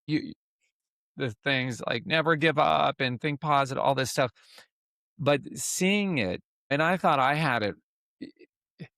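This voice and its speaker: A man hosting a podcast interview, talking in a halting, emotional way with lots of restarts. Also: medium pitch, fairly bright tone, dry recording, studio quality. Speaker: podcast host. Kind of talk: casual interview chat.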